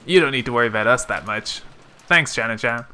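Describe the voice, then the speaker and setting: A man as a gentle young man. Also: mid-range voice, fast, a little hiss or hum. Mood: calm.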